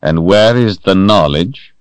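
A man voicing a cold, commanding male sorcerer lord who speaks in a calm, measured, menacing way. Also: deep voice, clean tone, dry recording, voice pushed up.

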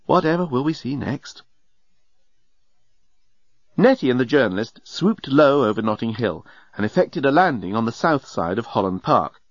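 A man narrating an audiobook in a wry, lively storytelling manner. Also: medium pitch, fairly quick, no echo, dull audio.

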